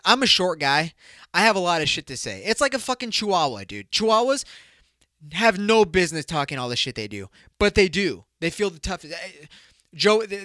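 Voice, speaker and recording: Bright, profane man hosting a podcast. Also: a little high, no room sound, studio quality. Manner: profane, rambling storyteller who laughs at his own jokes. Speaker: podcast host. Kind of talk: comedic solo podcast monologue.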